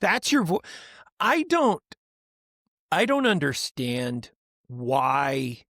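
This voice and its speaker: A man co-hosting a podcast in casual chat, rambling and animated, often mimicking other people's voices for laughs. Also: fairly high pitch, extremely slow, no echo, clean studio sound. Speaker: podcast co-host.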